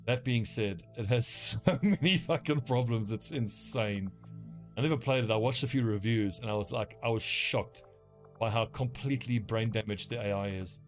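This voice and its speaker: A man's voice: medium pitch, normal speed, soft background music. Rambling South African gamer guy. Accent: South African English. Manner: rambling, profane, self-mocking. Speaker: game streamer. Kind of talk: casual gameplay commentary.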